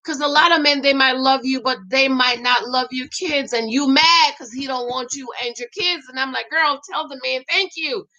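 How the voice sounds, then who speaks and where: Sassy high-voiced woman giving dating advice. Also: normal speed, few pauses, lo-fi sound. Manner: sassy, animated, addresses listener as "girl"; acts out quoted voices. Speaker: relationship advice vlogger. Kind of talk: casual advice chat to women viewers.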